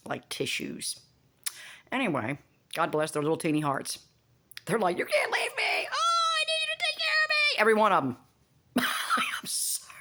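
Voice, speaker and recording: A woman's voice: on the low side, a bit bright. A woman talking in a casual, rambling monologue, blunt and profane, often making buzzing sound effects. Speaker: vlogger.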